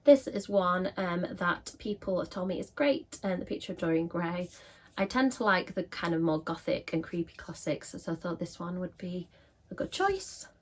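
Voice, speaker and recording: A woman's voice: lowish voice, normal speed. A woman with a scratchy voice, chatting casually to camera as a book vlogger with frequent filler ums.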